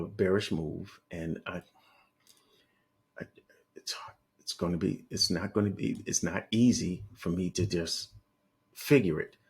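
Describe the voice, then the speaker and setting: A man's voice: lowish voice, darkish tone. A man trading forex, thinking aloud as he marks up charts on screen, correcting himself and muttering as he works. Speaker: forex trader analyzing charts. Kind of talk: live screen-share market analysis.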